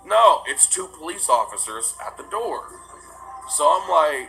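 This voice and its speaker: A young man talking casually to the camera in a rambling, animated way, acting out the other people in his story. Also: medium pitch, slow, soft background music, poor audio. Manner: rambling, animated retelling with quoted dialogue. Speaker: vlogger. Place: new house with no furniture yet.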